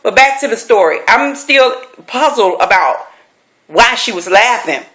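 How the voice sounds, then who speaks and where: A middle-aged woman, a life coach, telling a personal story with animated, emphatic delivery, repeating key phrases for effect. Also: on the high side, measured pace. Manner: animated, acts out quoted voices; emphatic repetition.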